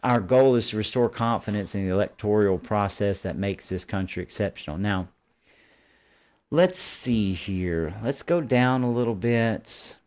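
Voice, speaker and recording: A man's voice: lowish voice, lively intonation, unhurried, darkish tone. A man hosting a live commentary show, reading news articles aloud and breaking off to scoff at them with combative asides. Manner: combative, dismissive, stops to editorialize. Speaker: host.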